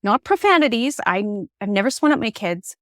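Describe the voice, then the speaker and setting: A middle-aged woman tells personal stories, animated and candid, her pitch in the middle range for a woman. The recording is dry and close, with no room sound. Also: normal speed, no echo. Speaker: podcast guest. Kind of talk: conversational storytelling. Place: podcast conversation.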